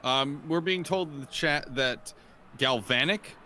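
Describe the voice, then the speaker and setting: A man's voice: fairly high pitch, measured pace, background noise. A young man giving color commentary on a game, thoughtful and hesitant, often restarting his sentences. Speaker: color analyst.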